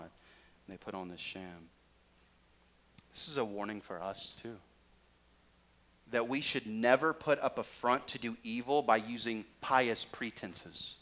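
Male pastor, mid-pitched voice, dynamic sermon delivery with big loud-to-quiet swings. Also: measured pace, pauses often. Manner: dynamic preaching, swings between loud emphasis and quiet low asides.

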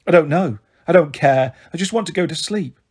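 A man's voice: fairly high pitch, fairly quick, slightly rough. A man voicing a weary, sore mother in a hospital bed who swears and complains in a groggy, blunt way.

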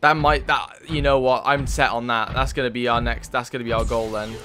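A man's voice: mid-range voice, fairly even intonation, fairly quick, bright, forceful tone, a little hiss or hum. A man giving casual gameplay commentary, thinking aloud with many fillers and swearing when moved. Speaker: let's play gamer.

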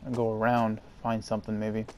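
A man's voice: fairly low pitch, monotone, brisk, a little mellow, a little hiss or hum. A man casually commenting while playing a video game, rambling and easygoing with lots of fillers. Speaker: gaming channel host. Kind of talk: casual let's-play commentary.

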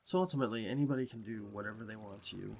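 A man casually commenting on his game, rambling between thoughts and coaxing game animals in a higher sing-song voice, chewing a cough drop as he talks. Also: rapid-fire, creaky, noisy background. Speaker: gameplay commentator.

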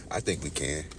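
A man's voice: a bass voice, background noise. A young man with a Texas accent, just woken up, chatting casually with his livestream viewers and greeting them by name. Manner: laid-back, talks to chat by name. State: just woke up, sipping coffee.

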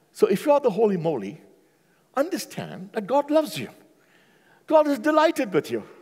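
A man preaching a sermon with passion, swinging from hushed, low pleading to loud, high exclamations. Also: slightly rough. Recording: long hall reverb.

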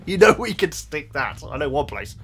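A man hosting a film reaction, talking to the screen and cheering excitedly. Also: fairly high pitch, moderate pace, gravelly, breathy edge. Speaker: reaction video host.

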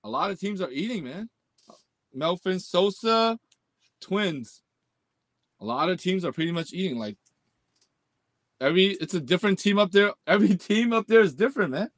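A man hosting a live sports card break stream. He talks in slangy bursts, groans and shouts at the pulls, and rattles off the hits in a list. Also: high-pitched, lively intonation, moderate pace, long pauses, no echo. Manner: slangy, repeats "man" and "let's go".

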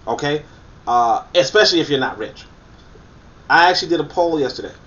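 A man's voice: fairly high pitch, expressive, brisk, fairly bright tone, recorded from a distance, dull audio. A man reading a book aloud and commenting on it critically, emphatic and incredulous, often repeating his points for emphasis. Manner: incredulous and scoffing.

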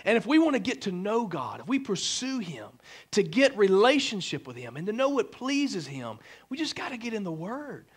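A man's voice: high-pitched, normal speed, breathy edge. A man preaching a humorous sermon as pastor, joking with the congregation and using lots of "like" and "right?". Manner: joking, animated, fillers like "like" and "right?". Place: church sanctuary.

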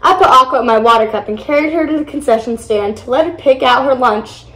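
A young woman with a high voice reads a children's picture book aloud in a lively way. Her voice rings around an echoey room. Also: fast talker. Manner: lively, voices characters with excited high exclamations. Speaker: storybook reader.

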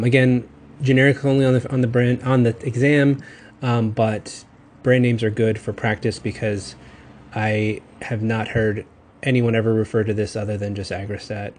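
A man from Texas with a Southern accent, giving a recorded pharmacology lecture in a casual, rambling way with quick self-corrections. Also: lowish voice, little pitch movement, a little mellow, a little hiss or hum.

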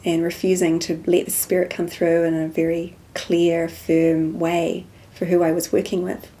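A woman gives a spiritual testimony as an interview guest, sharing a personal story at a moderate pace in a low, fairly even voice. She sounds mellow and soft-spoken, acting out the dialogue she quotes.

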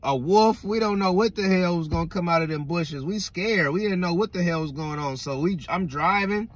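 Young man, lively storytelling with cussing, dry close sound. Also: high voice, moderate pace, no echo. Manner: animated, swears a lot, keeps asking "right?". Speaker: vlogger. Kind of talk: casual storytelling.

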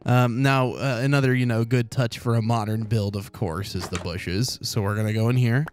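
A man's voice: medium pitch, normal speed. A man from Oklahoma hosting a let's play, chatting casually as he thinks aloud in a rambling, upbeat way. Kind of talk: casual gameplay commentary. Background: faint calm background music.

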